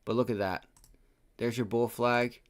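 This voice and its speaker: A man's voice: medium pitch, fairly even intonation, measured pace. A man hosting a live day trading stream, thinking aloud over charts and cursing when trades go wrong, with an aching back. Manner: profane, frustrated outbursts. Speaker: day trading livestream host.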